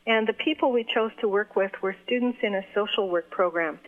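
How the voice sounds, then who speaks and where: A woman professor calmly explaining in a measured way why second-language learners keep accents. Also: medium pitch. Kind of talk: explanatory interview talk. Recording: phone-like narrow band.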